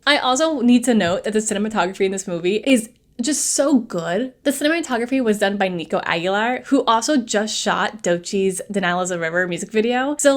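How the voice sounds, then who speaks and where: Sarcastic woman recapping a horror movie. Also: on the high side. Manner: sarcastic, playful asides to viewers. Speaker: movie reviewer.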